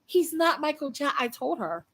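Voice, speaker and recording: A woman's voice: high voice, sing-song, moderate pace, a bit bright. A young woman chatting casually to her livestream viewers, blunt and swearing freely, often restarting her sentences. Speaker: livestream host.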